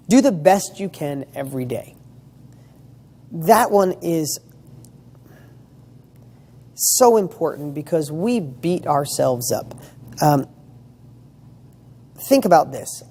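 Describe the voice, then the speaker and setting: A man's voice: a little high, expressive, slow pace, pauses often, mellow, husky. A man giving a motivational talk, firing rhetorical questions with emphatic, casual delivery and the odd swear word. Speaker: motivational speaker.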